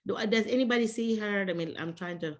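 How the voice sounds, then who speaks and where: A woman's voice: medium pitch, fast. Woman host, video call, chatty and laughing, casual advice to teachers. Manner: chatty, laughs often, many fillers and restarts.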